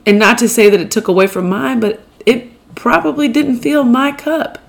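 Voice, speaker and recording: A woman's voice: a little high, steady tone, moderate pace, vocal fry. A young adult woman hosting a podcast, delivering an emphatic motivational monologue straight to her listeners. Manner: emphatic, pep-talk delivery. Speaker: podcast host.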